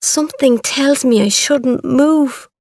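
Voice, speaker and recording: A woman narrating a story for English learners, reading slowly and clearly. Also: high voice, darkish tone, no echo, clean studio sound. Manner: slow, clear, careful reading.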